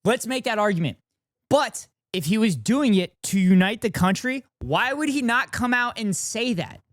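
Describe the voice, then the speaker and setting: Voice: mid-range voice, expressive, normal speed, no echo, clean studio sound. A streamer reacting to a debate video with exasperated, profane, incredulous commentary.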